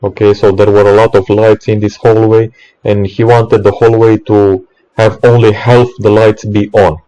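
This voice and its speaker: A man's voice: fairly low pitch, little pitch movement, normal speed, warm tone, highs cut off. A man, an electrician, in an exasperated ranting monologue, swearing often and stumbling over restarts.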